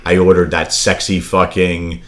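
A man's voice: sits low, completely flat delivery, measured pace, fairly bright tone. A man chatting casually about plans for a fantasy football league, telling stories with a lot of swearing. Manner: profane, storytelling. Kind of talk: casual chat.

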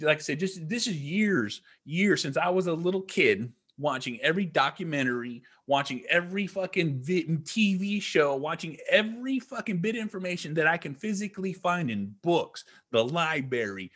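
A man's voice: on the high side, expressive, moderate pace, a bit bright, husky. A man who is a podcast guest, telling a rambling, profane story in casual chat.

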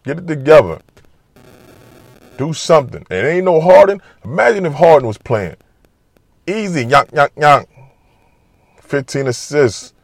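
Animated trash-talking New man. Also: on the high side, moderate pace, creaky, no room sound, clean studio sound. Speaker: basketball commentator. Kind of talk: casual sports talk monologue.

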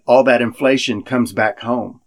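A man's voice: medium pitch, fairly even intonation, measured pace. A man co-hosting a casual political chat, wry and prone to restarting his sentences.

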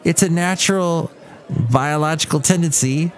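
A man's voice: fairly high pitch, moderate pace. Rambling, jokey male podcast host. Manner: rambling, jokey, self-correcting. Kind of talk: casual solo podcast monologue.

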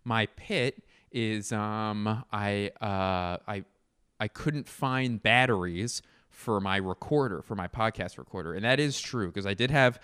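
Wandering around his home, a man hosts a solo comedy podcast, rambling, swearing, and poking fun at himself. His voice is on the low side and fairly bright, delivered at a measured pace. The recording is clean, dry, and studio-quality.

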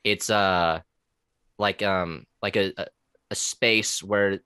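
A very deep-voiced man talks loosely in a podcast chat, full of ums, likes and restarts, and swears freely. His voice is close and dry, with no room sound around it. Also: steady tone, slow, bright, forceful tone, clean tone, no room sound. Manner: rambling, profane, with many fillers and restarts. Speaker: podcast guest, former corrections officer. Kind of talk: casual conversational podcast.

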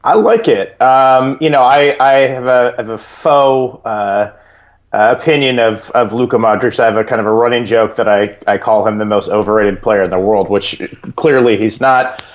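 A man's voice: fairly low pitch, steady tone, moderate pace, muffled recording. A man as a guest on a casual sports podcast, talking hesitantly with many fillers and restarts.

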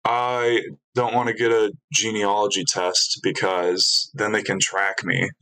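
A man's voice: lowish voice, level tone, unhurried, sharp tone, poor audio. A young man chatting casually in an interview, rambling and self-mocking, filling gaps with ums and little laughs.

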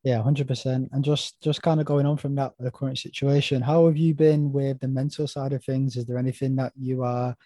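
A man's voice: medium pitch, flat delivery, brisk, hardly any pauses, dark tone, no echo. A man hosting a casual podcast chat, thoughtful and asking open questions. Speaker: podcast host, personal trainer.

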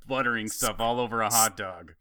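A man's voice: fairly low pitch, fairly quick, sharp tone, clear, resonant tone, no room sound, clean studio sound. A man in his thirties telling a story in casual chat, acting out the quoted lines with animation.

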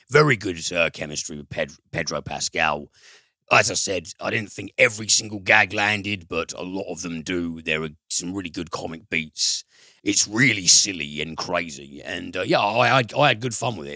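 A man's voice: sits low, pushed and bright, dry recording, clean studio sound. A man hosting a film podcast, reviewing films in a loose, rambling way, swearing casually and using lots of fillers.

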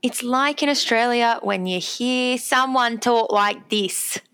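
A woman co-hosting a podcast in casual chat, animated and quick to agree. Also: clear, resonant tone. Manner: animated, jumps in pitch, eager agreement.

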